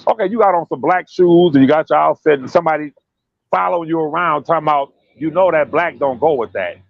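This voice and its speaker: A man giving casual, profane commentary in an emphatic, animated way. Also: on the high side, fast talker, vocal fry, no echo, dull audio.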